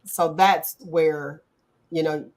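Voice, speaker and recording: A middle-aged woman hosting a casual talk show, animated and acting out quotes in playful voices. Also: low-pitched, extremely slow. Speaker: podcast host. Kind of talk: casual chat.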